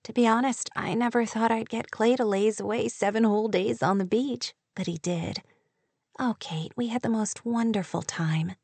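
A happy newlywed young woman, glowing and content, as a woman narrator reads her. She speaks softly and quietly. Dry, close recording. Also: a little high, normal speed, breathy edge, dry recording.

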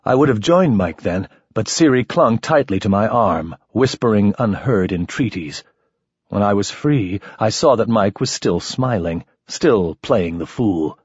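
A male audiobook narrator with a lowish, husky voice that rises and falls with the story. The read is close and dry, on a dull, lo-fi recording. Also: unhurried, no room sound. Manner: expressive, shifting voices for characters. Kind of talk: first-person fiction narration.

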